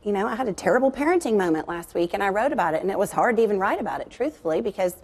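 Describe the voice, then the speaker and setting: A woman's voice: medium pitch, lively intonation, very fast, a little mellow. A woman, a guest author, talking candidly about faith and family in an earnest, confiding way with frequent fillers.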